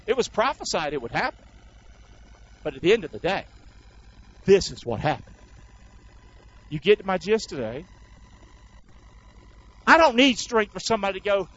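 A man preaching a sermon, calling out questions to the congregation and acting out crowds and soldiers. His voice sits high for a man. The recording is dull and lo-fi. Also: very animated, moderate pace, long pauses, fairly bright tone. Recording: dull lo-fi sound.

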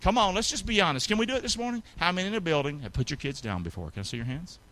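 Lively, bright-voiced preacher man. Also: sits high, very fast, a little hiss or hum. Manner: call-and-response preaching, rising to shouts then dropping soft. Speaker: pastor. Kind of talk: sermon. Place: church sanctuary with congregation.

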